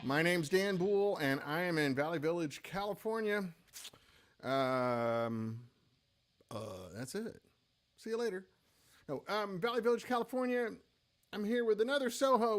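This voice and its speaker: A man's voice: high voice, animated, normal speed, long pauses. A tired, middle-aged man hosting a casual gear-shop livestream, chatty and rambling with self-deprecating asides.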